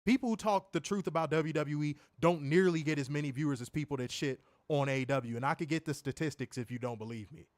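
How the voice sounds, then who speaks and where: A man co-hosting a wrestling review stream, answering viewer comments in casual, animated chat. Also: a little high, fast talker, hardly any pauses, no echo. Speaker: wrestling show co-host.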